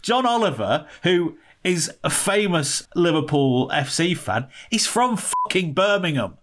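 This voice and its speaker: A man's voice: on the high side, very animated, measured pace, background noise. A man co-hosting a podcast in casual chat, joking and swearing as he riffs. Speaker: podcast co-host. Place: home in Los Angeles.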